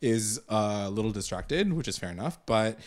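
A man's voice: lowish voice, normal speed. A man in casual chat recapping a TV episode, laughing often and acting out characters' lines. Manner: animated, laughs often, acts out quotes.

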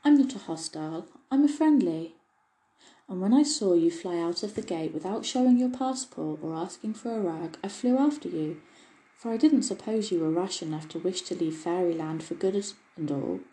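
A woman's voice: fairly low pitch, lively intonation, moderate pace, warm tone, natural voice, poor audio. A woman voicing a small, kind, mischievous male elf with a droll, chuckling way of talking, reading a storybook. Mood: teasing.

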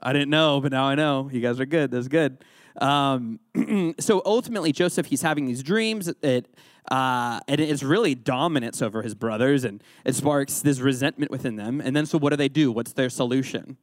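A man's voice: mid-range voice, normal speed, no echo, studio quality. A man leading an interactive Bible lesson as a youth pastor, quizzing his listeners and joking along the way. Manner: playful, joking, quizzes the audience.

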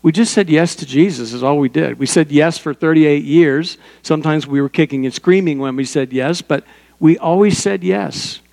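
A man's voice: fairly high pitch, normal speed, vocal fry, a little mellow, in a large hall. An older man preaching a sermon as pastor, in a conversational way with personal stories and small asides.

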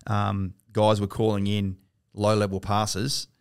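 A low-voiced Australian man talks bluntly, swearing freely and restarting his sentences as he goes. The recording is close and dry, with no room sound. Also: completely flat delivery, takes it slowly, smooth, no room sound. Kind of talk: casual chat.

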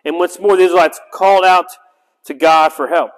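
A man's voice: sits high, steady tone, brisk. A man teaching a Bible study, reading scripture aloud and breaking into chatty asides that end in "right?". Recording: long reverb in a hall.

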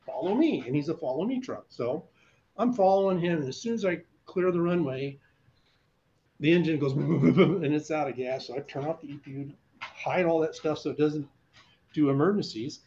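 A man in his sixties telling an animated, chuckling story as an interview guest. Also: a little high, normal speed. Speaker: guest, veteran fighter pilot. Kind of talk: casual storytelling. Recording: slightly dull recording, faint hiss.

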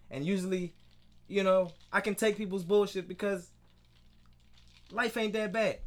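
Profane ranting man, fairly high voice. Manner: profane, frustrated ranting with frequent restarts. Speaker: podcast host. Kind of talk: solo podcast rant.

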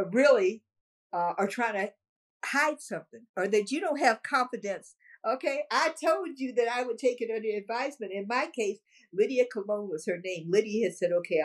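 An older woman answering interview questions with animated storytelling, emphatic repetition and frequent laughter. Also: mid-range voice. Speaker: interviewee, businesswoman.

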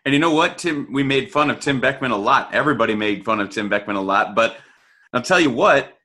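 A man's voice: mid-range voice, animated, fairly quick, sharp tone. A male podcast co-host talking sports in a blunt, profane, ranting way. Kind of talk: casual sports podcast chat.

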